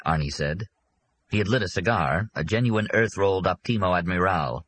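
A male audiobook narrator with a deep, husky voice. His reading is expressive, with pitch that moves lively across phrases. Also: fairly quick.

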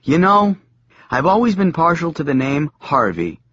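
A man voicing a calm, gentle messiah leader in an audiobook, speaking quietly and evenly. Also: a little high, moderate pace, breathy edge, dry recording, muffled recording, voice pushed up, full character voice. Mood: wry. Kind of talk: audiobook character voice.

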